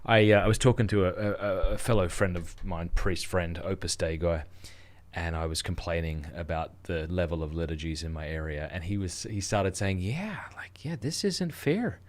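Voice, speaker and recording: A male podcast host with a somewhat low voice and an animated, storytelling way of talking. He reads listener questions aloud and jokes around in relaxed chat. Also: moderate pace. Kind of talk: casual podcast conversation.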